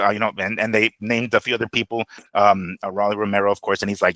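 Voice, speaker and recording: Man, boxing podcast co-host, bright forward tone, dry close mic, swears, animated breakdowns. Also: lowish voice, fairly quick, few pauses, no room sound. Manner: animated, profane, acts out quotes. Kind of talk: casual boxing analysis.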